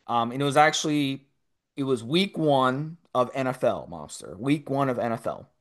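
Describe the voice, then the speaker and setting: A man's voice: medium pitch, expressive, normal speed. A man in his forties telling a rambling, profane story in casual podcast chat. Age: 40s. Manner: profane, rambling, repeats himself. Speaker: podcast co-host.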